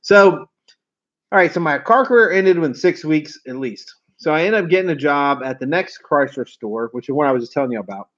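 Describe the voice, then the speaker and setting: A man in his 40s, a car sales trainer, tells rambling, salty stories to camera in a voice on the high side, fairly quick and fairly bright, with lively intonation. He's folksy and swears freely, captured in a dull lo-fi recording.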